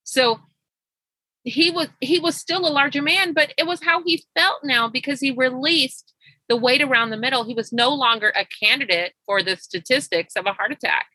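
A woman's voice: high voice, moderate pace, sharp tone, slightly rough, no echo, poor audio. A middle-aged woman health coach telling client stories in an interview, acting out both sides of the conversations. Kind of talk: storytelling interview guest.

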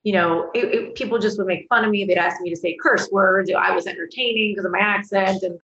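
A woman from England, a podcast guest, telling her life story in a lively, chatty way full of fillers. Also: mid-range voice, fairly quick, echoey room, dull audio. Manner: lively, chatty, frequent "like" and "you know". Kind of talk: casual interview storytelling.

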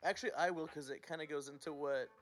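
A man's voice: on the high side, fairly even intonation, quick pace, a bit bright, faint music behind. A man co-hosting a podcast, telling personal stories in casual chat, candid and swearing freely. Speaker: podcast co-host.

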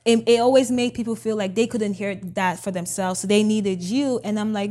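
A woman's voice: medium pitch, fairly even intonation, brisk, few pauses, dark tone. A woman from Nigeria, a pastor and podcast guest, telling a story animatedly and acting out her own past words.

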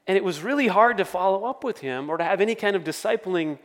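A man's voice: high voice, lively intonation, fast talker, big-room sound. A man preaching a sermon as pastor, conversational, with storytelling asides.

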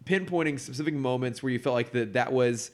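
A man's voice: mid-range voice, a little fast. A man co-hosting a podcast in loose, casual chat. He rambles, circles back and restarts his thoughts, in a mid-range voice. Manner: rambling, heavy on fillers and restarts. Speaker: podcast co-host.

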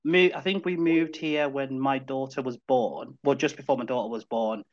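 Man in his thirties, from Zambia, podcast guest, positive and chatty, stumbling restarts, mid pitch, dull lo-fi sound. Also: steady tone, moderate pace. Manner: upbeat, chatty, many restarts and repeated words. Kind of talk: casual chat.

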